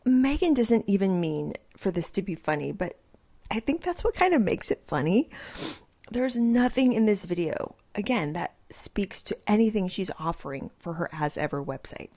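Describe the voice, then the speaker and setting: A middle-aged woman, a vlogger, chatting casually from home in a giggly, animated way. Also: mid-range voice, normal speed. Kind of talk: casual commentary vlog.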